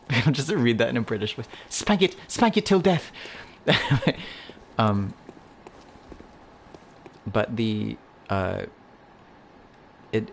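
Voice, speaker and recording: A man talks casually through a game playthrough, joking and reacting aloud as he goes. His voice sits lowish with a gravelly, creaky grain. The recording is noisy, with game ambience behind him. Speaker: streamer. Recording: noisy stream audio.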